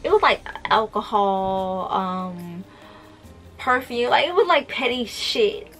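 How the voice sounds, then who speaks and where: A young woman tells a storytime story to her viewers, cursing freely and speaking bluntly. Her voice sits at a middling pitch, and soft music plays faintly behind her. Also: sing-song, slow pace. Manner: profane, blunt, talks straight to viewers. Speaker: vlogger. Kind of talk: storytime vlog.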